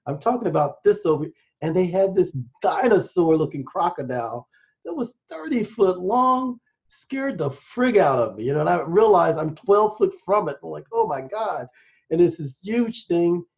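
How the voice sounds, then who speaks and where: A man's voice: high voice, very animated, moderate pace, gravelly. A man with an American accent, a doctor appearing as a podcast guest, explaining science in a rambling, enthusiastic way. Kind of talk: casual interview talk. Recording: muffled lo-fi sound.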